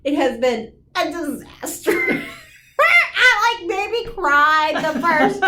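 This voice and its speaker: A woman's voice: very high-pitched, wildly swooping pitch, takes it slowly, pushed and bright, a little hiss or hum. A woman in her thirties co-hosting a casual chat, talkative and self-deprecating with lots of fillers. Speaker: podcast co-host.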